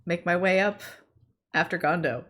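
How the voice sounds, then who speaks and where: A woman playing a tabletop game, soft-spoken and a bit hesitant. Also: on the low side, moderate pace. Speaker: player. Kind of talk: casual tabletop play.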